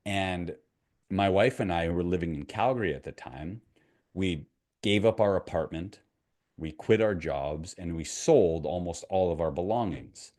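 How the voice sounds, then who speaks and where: A man with a deep, low voice speaks as a mindset coach. He tells a story in a relaxed, conversational way and turns to the viewer with questions. He is middle-aged and from Canada. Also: a little slow. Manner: conversational, asks the viewer questions, retells a parable. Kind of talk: motivational storytelling to camera.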